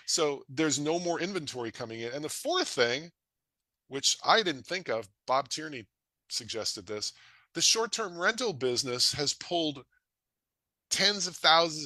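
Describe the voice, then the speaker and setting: A middle-aged man with a bright, forceful voice and a slightly raised pitch. He presents to an audience in an energetic, folksy way, his pitch swinging widely as he acts out quick bits of dialogue. The sound is dry and close. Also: dry recording. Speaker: real estate investor presenting a webinar.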